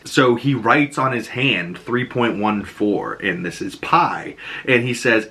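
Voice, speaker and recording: A man with a Boston accent giving a casual, profane and excitable breakdown of a TV episode as its host. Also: on the low side. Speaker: show recap host.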